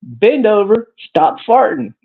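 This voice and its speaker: Man impersonating a dog-talking oddball, gravelly, higher than his own voice, lo-fi phone audio. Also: very animated, slow, heavily acted. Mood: mock-sweet.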